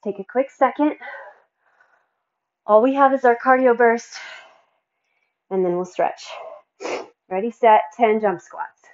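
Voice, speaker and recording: A woman's voice: a little high, takes it slowly, long pauses, darkish tone, lo-fi sound. A woman fitness instructor coaching a workout, counting reps and encouraging, sighing and a bit out of breath between exercises.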